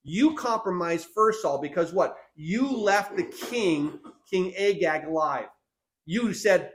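Lively, high-voiced male preacher. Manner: animated preaching, acting out Bible figures in quick dialogue. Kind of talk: sermon.

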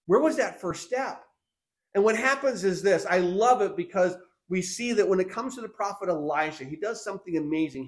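Lively, high-voiced male preacher. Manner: animated preaching, acting out Bible figures in quick dialogue. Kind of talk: sermon.

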